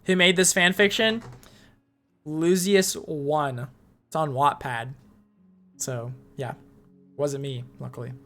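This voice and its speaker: A woman's voice: sits low, fairly even intonation, slow, long pauses, a bit bright. A young woman streamer chatting casually and reading fanfiction aloud, swearing, giggling and rambling with many fillers. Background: faint music.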